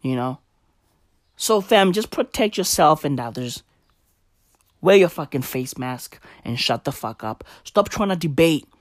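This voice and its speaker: A man's voice: a little high, expressive, unhurried, no room sound, clean studio sound. Profane man ranting. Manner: profane, rambling, slang-heavy. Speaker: vlogger. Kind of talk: casual rant to camera.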